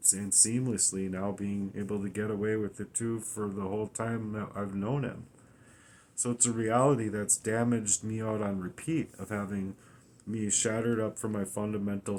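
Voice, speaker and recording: A weary, distressed man talking through his troubles in a raw, halting personal monologue, often restarting and swearing. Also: lowish voice, a little mellow, a little hiss or hum. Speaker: vlogger.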